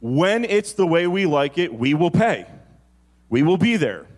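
Guy preaching a sermon, kinda high voice, rushes through stories then slows way down to hit the big points. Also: big pitch swings, a little mellow. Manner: shifts between quick storytelling and slow, drawn-out emphasis. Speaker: pastor.

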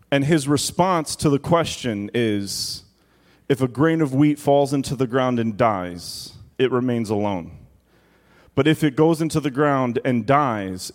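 Guy preaching, reads the bible passage then talks it through like a chat. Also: medium pitch. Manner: reads scripture aloud, then explains it conversationally. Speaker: pastor. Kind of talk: sermon.

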